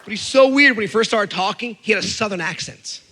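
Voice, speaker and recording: A man doing stand-up comedy on stage, telling stories in an animated, incredulous way. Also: high-pitched, fairly quick, big-room sound, noisy background.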